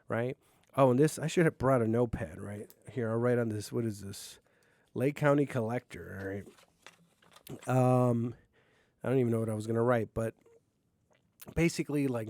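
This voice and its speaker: A young adult man hosting a solo podcast from his basement, rambling, crude and quick to slide into angry rants. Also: mid-range voice, a little mellow, no room sound, clean studio sound. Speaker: podcast host. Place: home basement.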